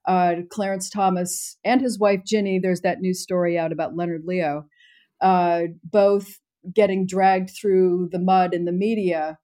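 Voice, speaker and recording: A woman with a mid-range, mellow, dark-toned voice who lays out her points in a measured, analytical way. She talks like a panelist on a podcast. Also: lowish voice, little pitch movement. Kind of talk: casual political commentary.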